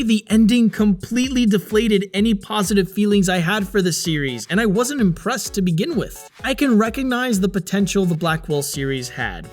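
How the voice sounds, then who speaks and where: A man narrating a scripted video game review, sarcastic and exasperated. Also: sits high.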